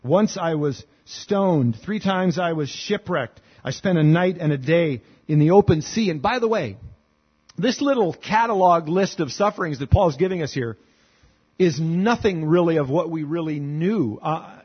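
A man's voice: fairly high pitch, lively intonation, measured pace, slightly rough, highs cut off. A man preaching a conversational sermon as pastor, reading scripture aloud and adding rhetorical questions and dry sarcastic asides. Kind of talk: expository sermon.

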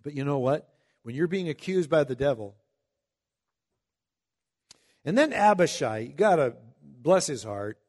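A man preaching a Bible-teaching sermon in a conversational way, reading scripture slowly and breaking into emphatic asides. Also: on the high side, animated, darkish tone. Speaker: pastor.

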